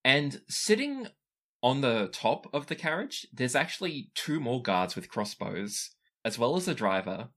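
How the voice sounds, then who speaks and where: A man running a tabletop game as game master, narrating scenes and jumping into character voices. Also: measured pace. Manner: lively, animated narration that jumps up in pitch for characters.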